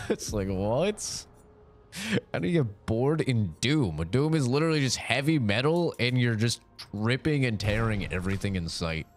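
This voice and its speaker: A man's voice: mid-range voice, expressive, a little slow, faint music behind. A young man streaming a game from his home setup, chatting casually and rambling to his chat between fights. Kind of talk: casual live-stream commentary.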